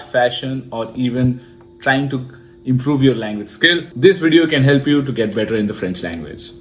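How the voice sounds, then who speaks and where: A man teaching a French lesson, slowly repeating each color word and explaining its pronunciation. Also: mid-range voice. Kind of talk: language lesson.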